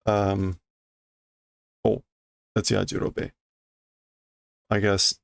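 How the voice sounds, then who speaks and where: A man works slowly through a manga, reading and translating as he goes. His voice has a gravelly edge, and he keeps hesitating and correcting himself while he thinks out loud. The sound is dry and close. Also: fairly low pitch, dry recording. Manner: hesitant, self-correcting, muttering through guesses. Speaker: streamer reading a manga aloud.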